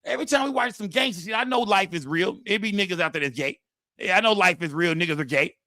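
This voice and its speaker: Brief: male stream host, AAVE, rowdy and profane, bright forceful tone, dry close mic. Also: high voice, fast talker, dry recording. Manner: loud, rowdy, addresses chat directly. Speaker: livestream host. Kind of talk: profane live-stream commentary.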